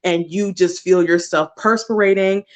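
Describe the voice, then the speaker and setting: A woman's voice: lowish voice, fairly even intonation, normal speed. A woman tarot card reader talking casually on a livestream, chatty and loose, laughing often and dropping slang and swear words.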